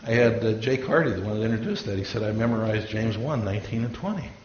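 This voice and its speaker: A man's voice: lowish voice, quick pace. Pastor guy preaching, tells stories and does the voices, roomy church echo, kinda muffled. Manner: storytelling, acts out quoted voices. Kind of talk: sermon. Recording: echoey room, dull lo-fi sound, faint hiss.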